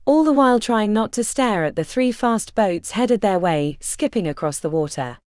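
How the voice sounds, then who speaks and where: Expressive woman narrating an audiobook. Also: mid-range voice, no room sound, clean studio sound.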